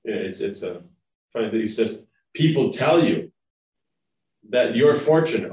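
A man's voice: fairly low pitch, animated, a little slow, long pauses, a little mellow. A man giving a devotional class lecture in a rambling, conversational way, often checking in with his listeners. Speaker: spiritual lecturer. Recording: roomy, distant mic.

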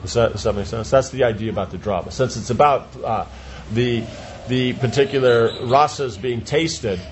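A man with a mid-range voice teaches an informal class discussion at normal speed. He explains with everyday examples and often checks whether it makes sense, on a dull lo-fi recording with light noise.

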